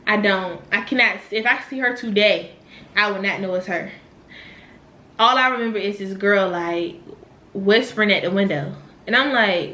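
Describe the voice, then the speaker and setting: Young woman from Virginia, animated storytime vlog, bright voice, echoey room. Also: mid-range voice, normal speed. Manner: animated, swearing, laughing. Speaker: vlogger. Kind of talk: casual storytime monologue.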